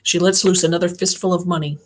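Low-voiced woman reading a novel. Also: fairly even intonation, fast. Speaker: audiobook reader. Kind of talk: first-person novel narration.

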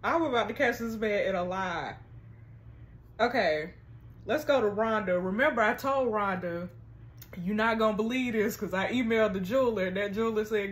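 A woman hosting a text-message game, reading the chats aloud and reacting with sassy, animated commentary. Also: medium pitch, normal speed. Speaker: gaming channel host.

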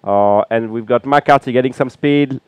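A man with a French accent giving relaxed, chatty live commentary from a small booth at a beach event, with frequent fillers. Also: medium pitch, normal speed, heavy background noise. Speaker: color commentator.

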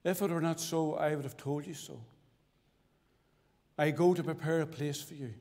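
A man from Northern Ireland giving his testimony as a sermon, with fervent preaching that swings sharply between loud and hushed. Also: fairly high pitch, steady tone, normal speed, vocal fry. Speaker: testimony speaker at a church. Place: church hall. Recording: church recording with long reverb.

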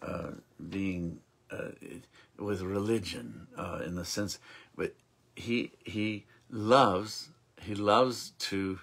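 Give me a slow-talking minister telling a tale with a bright, husky voice. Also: male voice, deep voice. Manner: dramatic storyteller, rambling asides. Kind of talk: storytelling and preaching.

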